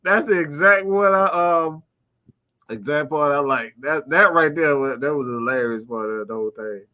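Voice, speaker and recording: A man's voice: a little high, animated, moderate pace, bright, forceful tone. Rambling man in casual chat. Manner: rambling, filler-heavy. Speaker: podcast co-host.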